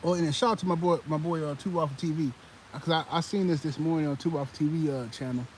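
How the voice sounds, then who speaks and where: Male sports channel host, fired-up rant, slightly high voice, faint noise behind. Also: fast talker, low-quality recording. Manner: animated, heated, many fillers and restarts. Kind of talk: live-stream sports commentary.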